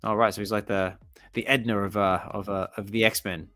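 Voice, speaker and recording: A man hosting a relaxed comic reading, chatty and curious, who thinks aloud and stumbles over names as he reads. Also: on the low side, a little fast, soft background music. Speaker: comic reading channel host.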